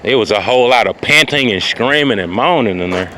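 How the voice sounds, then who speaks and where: Man, mid-pitched, rambling bravado storyteller, recorded outside with clear traffic noise. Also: animated, fairly quick. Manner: rambling, boastful, repeats "ladies and gentlemen" and "you know what I'm saying". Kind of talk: improvised comic storytelling monologue.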